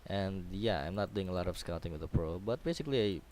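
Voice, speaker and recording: Casting note: young Filipino man, low voice, loose, rambling tutorial commentary full of fillers. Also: animated, quick pace, a little mellow, a little hiss or hum. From Philippines. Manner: chatty, rambling, many fillers and restarts. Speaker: gaming tutorial host. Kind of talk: casual game commentary over replay.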